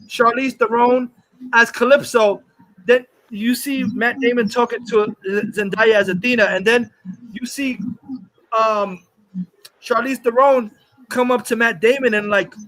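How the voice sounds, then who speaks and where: A man with a very high, sharp voice rants on a live stream. His talk rambles and restarts, is laced with swearing, and sounds scoffing and exasperated as he picks a movie apart. He talks into a desktop mic. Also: rough recording. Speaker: host reviewing a movie. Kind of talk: profane live-stream rant.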